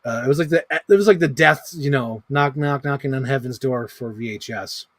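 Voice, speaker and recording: A man's voice: medium pitch, a little fast, no room sound. Rambling, foul-mouthed man ranking movies. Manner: rambling, swears freely, lots of fillers like "like". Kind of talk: casual livestream commentary.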